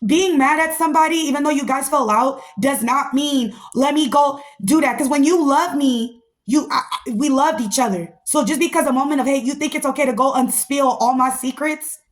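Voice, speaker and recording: A woman's voice: high voice, a little fast. A woman hosting a podcast, giving a blunt, profane, fired-up recap of a reality show and talking to listeners as y'all. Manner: slangy, addresses listeners as y'all. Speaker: podcast host.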